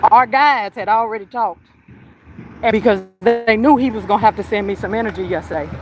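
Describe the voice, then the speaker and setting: A woman hosting a livestream, telling a story in an animated, slangy way while walking outdoors and talking into her phone. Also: medium pitch, brisk, over loud music. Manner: chatty, animated retelling with slang and swearing. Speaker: psychic medium and livestream host. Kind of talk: casual live storytelling.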